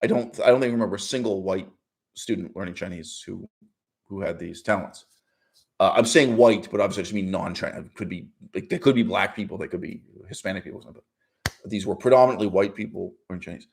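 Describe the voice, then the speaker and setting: A man's voice: fast talker, gravelly. A man hosting his own channel, delivering an opinionated monologue with emphatic stresses, frequent restarts and short laughs. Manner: argumentative, emphatic, with sudden pitch jumps and mock quotes; restarts and fillers, laughs while speaking. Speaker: channel host.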